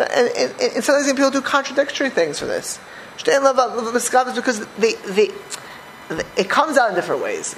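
A man teaching a Torah class, animated, with many restarts and repeated words. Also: high voice, a little hiss or hum, poor audio. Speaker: religious teacher.

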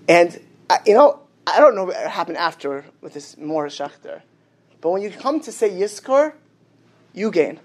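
Male rabbi, animated storyteller; sermon voice that slips into the characters' lines. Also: sits high, moderate pace. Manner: animated storyteller, acts out the dialogue.

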